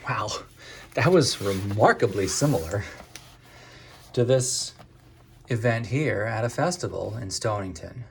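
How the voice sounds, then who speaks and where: Low gravelly man reviewing a book. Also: animated, measured pace, pauses often, a little hiss or hum. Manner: conversational, hesitant with fillers. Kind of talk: casual spoken book review.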